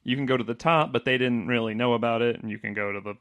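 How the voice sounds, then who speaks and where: A man co-hosting a podcast in a relaxed chat. He is chatty, laughs often and drops into quick impressions. His voice sits mid-pitch and sounds dry and close. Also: no room sound. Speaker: podcast co-host. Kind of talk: casual chat.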